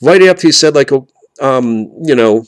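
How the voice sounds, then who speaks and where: Male vlogger, mid-pitched, rambling with lots of fillers, builds to indignant outbursts, dry close sound. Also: animated, moderate pace, no room sound. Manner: rambling, full of fillers and restarts, grows heated and indignant. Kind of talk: casual rambling rant.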